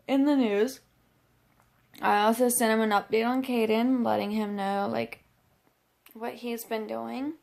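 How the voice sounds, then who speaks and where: A young woman vlogging from home, talking to camera in a tired, halting way with lots of fillers and yawns. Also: fairly high pitch, gravelly, darkish tone. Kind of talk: casual vlog talk to camera.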